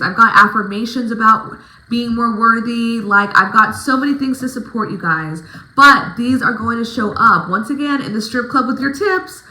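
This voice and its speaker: A woman's voice: on the high side, bright, forceful tone, roomy sound, rough recording. A woman giving casual vlog advice as a dancer coaching other dancers, talking emphatically with plenty of swearing. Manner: emphatic, profane, pep-talk delivery.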